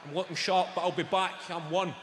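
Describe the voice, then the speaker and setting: A man's voice: sits high, fairly even intonation, fairly quick, noisy background. A middle-aged Scottish man doing a stand-up comedy set, sweary and punchy, bantering with the crowd. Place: large theatre stage. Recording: echoey live theatre with long reverb. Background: loud audience laughter.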